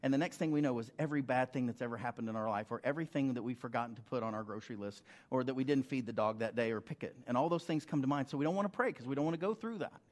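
A man's voice: medium pitch, very fast, few pauses. A middle-aged man preaching a sermon in a conversational way, often asking the congregation rhetorical questions. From United States. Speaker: pastor.

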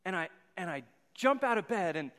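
A man's voice: high voice, very animated, a little fast, fairly bright tone. A man in his thirties, a pastor giving a sermon with a rambling personal story, often repeating his words. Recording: long hall reverb.

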